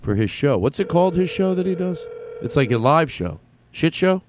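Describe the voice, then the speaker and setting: A man hosting his own podcast, telling a rambling, self-deprecating comic story with halting restarts. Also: a little high, sing-song, background noise. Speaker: podcast host.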